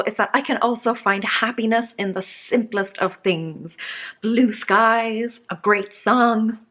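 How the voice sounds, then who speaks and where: Woman in her 30s vlogging to camera, candid and self-deprecating, mid-pitched voice. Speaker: lifestyle vlogger. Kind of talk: confessional talking-to-camera vlog.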